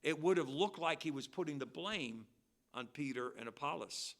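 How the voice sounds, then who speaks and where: A man preaching as pastor at a midweek church service, swinging between loud, drawn-out stressed words and quiet, quick asides. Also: fairly high pitch, expressive. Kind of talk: expository sermon. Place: church sanctuary.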